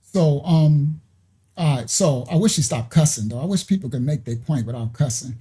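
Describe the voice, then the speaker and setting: Mellow man musing to his viewers. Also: on the high side, moderate pace, breathy edge. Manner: musing aloud, asks viewers questions. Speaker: reaction video host. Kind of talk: casual reaction commentary.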